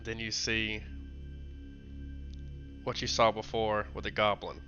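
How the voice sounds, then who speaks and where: Male game master, bright tense voice, muffled audio. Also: lowish voice, level tone, slow pace, soft background music. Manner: loose, rambling narration with fillers. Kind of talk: narrating a tabletop game.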